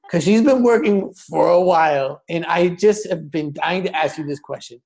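Roast host trading mock insults. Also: male voice, measured pace, darkish tone. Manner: mock-insulting, swinging between booming and muttered asides. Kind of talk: comedic roast banter.

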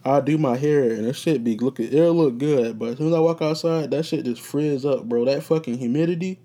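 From his room, a man records a casual solo podcast, cursing freely and wandering through his stories in an easygoing way. He talks a little fast in a mellow, medium-pitched voice.

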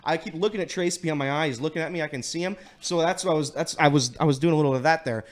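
High-voiced joking weather guy. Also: very fast. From Cincinnati area. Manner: rambling, self-mocking jokes. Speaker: weather segment host. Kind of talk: comedic weather bit.

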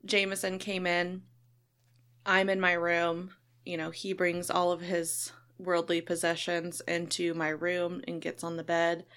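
Bright-voiced American woman, chatty. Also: on the low side, measured pace. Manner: animated storytelling with laughter. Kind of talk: casual chat.

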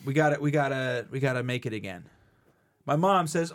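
Man, podcast co-host, casual chat, animated, profane. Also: medium pitch, fast. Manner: animated storyteller, swears freely.

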